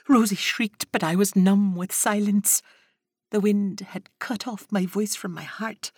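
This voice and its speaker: A woman narrating a story in first person, soft and measured, voicing the dialogue as she goes. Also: mid-range voice, breathy edge, no echo, clean studio sound.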